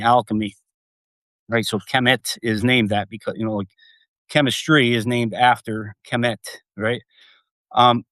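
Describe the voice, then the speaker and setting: A man hosting a casual live stream from home, talking in a rambling, excitable way, swearing freely and leaning on fillers. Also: medium pitch, dry recording.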